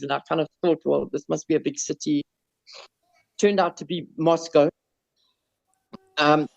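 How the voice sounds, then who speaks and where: A man with a South African accent, casually telling a story on a podcast, animated, swearing and stumbling over his words. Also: high voice. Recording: slightly dull lo-fi sound.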